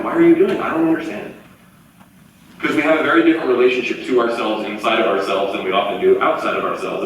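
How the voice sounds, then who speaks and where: A man in his forties giving a live motivational talk, telling stories in an animated way and acting out the voices of the people he quotes. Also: fairly low pitch, a little hiss or hum. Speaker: motivational speaker. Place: large auditorium. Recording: echoey hall from far off, faint ambience.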